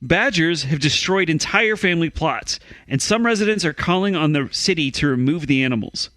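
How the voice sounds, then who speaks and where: A man co-hosting a comedy podcast, reading news stories in a deadpan newsreader way. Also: on the high side, moderate pace, no room sound. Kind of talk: reading news items with comic banter.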